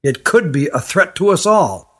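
A man's voice: a little high, very animated, moderate pace, breathy edge. A man voicing Jeelan, a frightened urgent youth. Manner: urgent, hushed. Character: frightened, urgent older boy on the run. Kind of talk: storybook reading.

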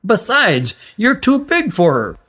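A man's voice: high-pitched, huge pitch swings, takes it slowly, fairly bright tone, slightly rough, voice pushed up, full character voice. A man voicing Hutt, an eager young boy. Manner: eager, questioning. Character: young, small, curious boy cousin. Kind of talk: storybook reading.

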